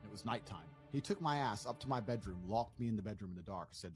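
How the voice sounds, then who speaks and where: A man's voice: mid-range voice, big pitch swings, quick pace, few pauses, soft background music. A man telling a story in a brash, boastful way, swearing freely. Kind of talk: casual storytelling rant.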